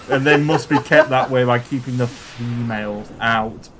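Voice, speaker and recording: A man's voice: mid-range voice, fairly bright tone, slight background noise. A man co-hosting game commentary, trading crude jokes and laughing often. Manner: slow, crude, laughing banter. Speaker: let's play co-host.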